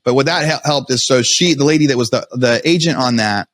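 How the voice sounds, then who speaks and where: A man as a podcast guest, telling his story in a fast, animated way with many restarts. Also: mid-range voice, dry recording, clean studio sound. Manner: fast, animated retelling with frequent restarts and quoted self-talk.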